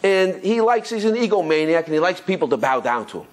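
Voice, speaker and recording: A rabbi giving an animated Torah class, telling stories excitedly with stumbling repetitions and chuckles. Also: male voice, high voice, fast talker. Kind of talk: animated Torah lesson with storytelling.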